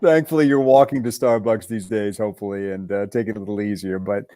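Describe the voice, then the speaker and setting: A man hosting a casual sports radio talk show, upbeat and teasing with quick asides. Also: on the low side, fairly even intonation, mellow, dry recording. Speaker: radio play-by-play voice and show host.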